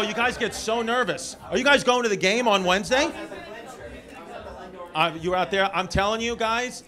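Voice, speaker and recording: A man's voice: high voice, normal speed. A male stand-up comedian doing loose, profane crowd work, teasing people in the front rows. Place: small comedy club. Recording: live club with loud crowd laughter.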